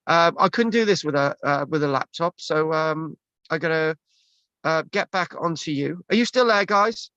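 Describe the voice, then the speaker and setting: A man's voice: a little high, moderate pace, sharp tone, no echo. Rambling man on a dull video call. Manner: rambling, many restarts and fillers. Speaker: presenter. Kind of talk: casual chat.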